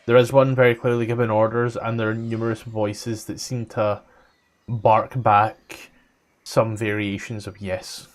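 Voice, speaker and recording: A man's voice: fairly low pitch, flat delivery, a little slow. Give me a man as dungeon master describing the scene plainly. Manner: explains things plainly, with occasional fillers. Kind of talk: narrating a tabletop game.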